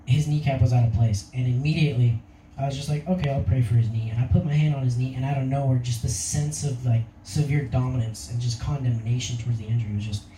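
A man's voice: mid-range voice, steady tone, fast, warm tone, echoey room, distant mic, slight background noise, low-quality recording. A young man giving his personal testimony in a casual, rambling way, laughing often. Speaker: testimony speaker.

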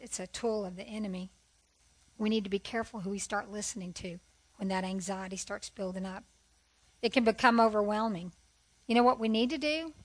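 A woman's voice: mid-range voice, rough recording. A middle-aged woman sharing a personal testimony at a women's conference, earnest and conversational, often asking rhetorical questions. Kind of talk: testimony sermon.

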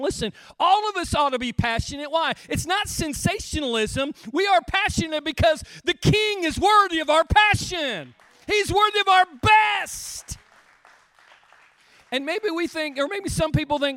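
A middle-aged man preaching a sermon with passion, dropping soft and then building to shouts. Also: very high voice, animated, normal speed, no room sound. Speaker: pastor.

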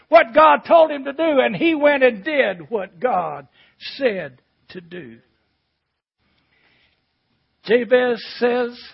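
A man preaching a sermon, shifting between shouted emphasis and quiet, reflective reading. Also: very high-pitched, creaky, slightly rough, muffled recording.

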